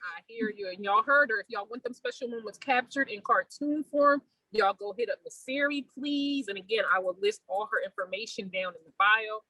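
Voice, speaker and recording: Woman podcast host, effusive, laughing, high and bright, dry close sound. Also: fairly quick, few pauses, no room sound, poor audio. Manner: effusive, laughs often, says y'all. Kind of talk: casual interview.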